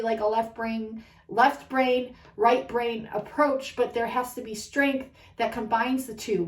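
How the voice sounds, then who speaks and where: A woman gives a spiritual card reading that turns into a heated, rambling rant full of swearing. Her voice sits a little high. She sounds distant from the mic, in a room with a lot of echo. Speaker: spiritual reader. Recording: echoey room, far from mic.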